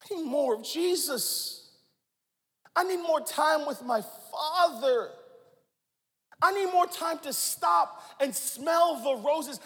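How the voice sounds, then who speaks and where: Man in his forties, high and lively preaching voice, long hall reverb, sermon with call-and-response. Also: slow pace. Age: 40s. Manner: dramatic swings from hushed to shouting, call-and-response with the crowd. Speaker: pastor.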